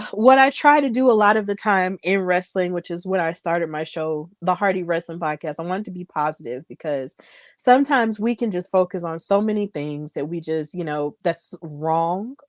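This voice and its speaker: A woman's voice: fairly low pitch, normal speed, no echo. A woman co-host talking casually and gratefully as she wraps up a wrestling talk show, close to tears. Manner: warm, grateful, near tears. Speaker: podcast co-host. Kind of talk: casual show wrap-up chat.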